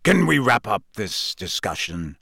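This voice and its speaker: A blunt, gruff older male wizard from a storybook with a growling voice, cutting in with short lines, voiced by a man reading aloud. The sound is dry and close. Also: on the low side, sing-song, a little slow, pushed and bright, dry recording, exaggerated voice.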